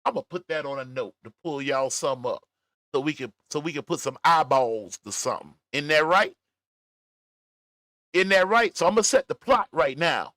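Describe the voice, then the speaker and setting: A middle-aged man hosts a casual stream and reads the chat aloud, laughing and stretching words out for emphasis. His voice sits a little high and swings widely in pitch. The sound is dry and close. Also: no echo. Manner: animated, laughing, drawn-out emphasis. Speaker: livestream commentary host. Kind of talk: casual commentary reading live chat. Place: at home, smoking a cigar.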